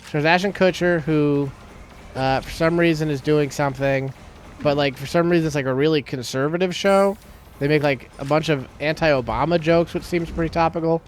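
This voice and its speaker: A man's voice: fairly high pitch, moderate pace, slight background noise. A man giving casual, joking commentary while playing a video game with a friend, rambling with many fillers. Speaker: let's play co-host.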